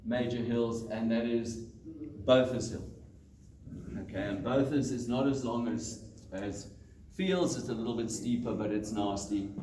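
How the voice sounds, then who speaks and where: A man giving a lively, joking talk to a running club audience as a guest speaker. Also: mid-range voice. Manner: animated, joking storyteller. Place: club meeting room. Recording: roomy hall, mic far off, room noise.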